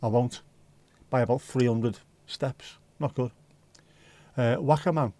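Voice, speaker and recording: A man's voice: mid-range voice, measured pace, warm tone, dry recording. A tired man hosting a casual livestream, rambling and reacting to chat with the odd swear word. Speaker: livestream host.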